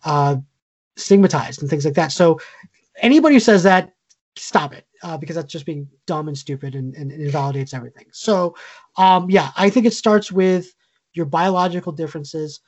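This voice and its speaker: A man's voice: on the high side, normal speed. A man sharing firm opinions in a casual podcast conversation. He circles his points with fillers and restarts before landing them. The audio is a little dull and lo-fi. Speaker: podcast co-host. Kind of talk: casual chat.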